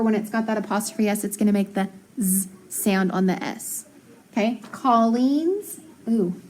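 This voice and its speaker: A woman teacher leading a phonics lesson for young children, sounding out syllables slowly and praising answers with patient encouragement. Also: a little high, a little mellow.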